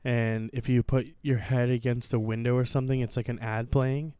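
Smooth-voiced young guy, crude banter. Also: mid-range voice, flat delivery, normal speed, dark tone, dry recording. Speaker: podcast co-host. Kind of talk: casual chat.

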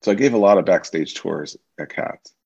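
Low husky man telling stories. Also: normal speed, highs cut off. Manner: animated anecdotes, acts out quoted voices. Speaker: guest, stage actor and teacher. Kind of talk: casual interview storytelling.

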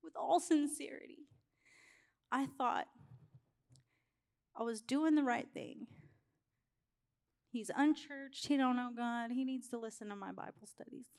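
A middle-aged woman preaching a sermon, telling a candid personal story in an animated way. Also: a little high, unhurried, pauses often.

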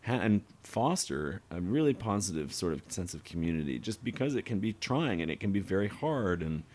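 Deep-voiced man telling work stories. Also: fairly quick, slight background noise. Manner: animated storyteller, acts out customers. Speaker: podcast guest. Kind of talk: casual chat over beers.

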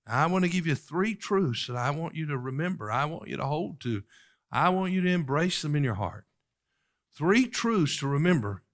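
A man preaching with fervour, his bright, ringing voice swooping up and down in wide arcs. He sits a little high for a man and leans into scripture in old-fashioned phrasing, building each line like a pastor before a congregation. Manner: impassioned preaching with soaring rises, reciting King James scripture. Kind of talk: sermon.

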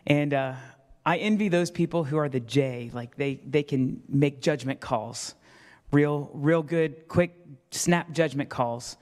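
A male pastor preaches in a church, his slightly high voice ringing with a long hall reverb. He tells a story about himself with self-deprecating humor and acts out the people in it. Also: takes it slowly, darkish tone. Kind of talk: sermon.

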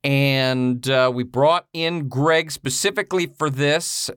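A man co-hosting a podcast over a video call, talking in an excitable, rambling, joking way. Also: medium pitch, slow pace, clean tone, dry recording, studio quality. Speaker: podcast co-host. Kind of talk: casual chat.

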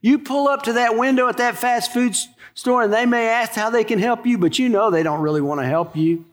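A man's voice: very high-pitched, fairly quick. A man in his sixties, a pastor preaching a sermon in a conversational, folksy way with asides to the congregation.

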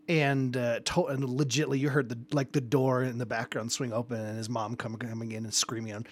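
A man's voice: medium pitch, a little fast. A man, a podcast co-host, recounting vivid gaming stories in casual chat and laughing often. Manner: vivid, expressive storyteller who laughs often.

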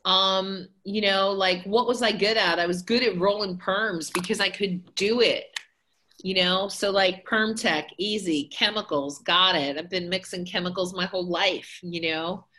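A bright, clear-toned woman from the United States chatting in an interview. She rambles through her stories with many fillers. Her talk is loose and conversational. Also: medium pitch, measured pace. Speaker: guest, hair educator.

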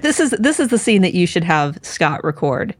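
A woman's voice: on the low side, big pitch swings, moderate pace, no room sound. Dry-sounding chatty woman co-host. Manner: rambling, many restarts and fillers. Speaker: podcast co-host. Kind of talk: casual chat.

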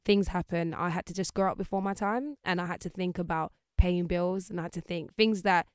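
A woman's voice: lowish voice, a little fast, clear, resonant tone, no echo, studio quality. A woman, a guest chatting casually in an interview and acting out the people she quotes. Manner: lively, acts out voices of people she quotes.

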